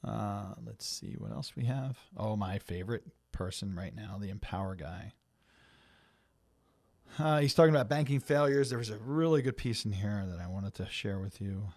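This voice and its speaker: A man hosting a financial planning webinar, reading market news aloud and explaining it in a halting way with many fillers and restarts. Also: lowish voice, lively intonation, darkish tone, dry recording.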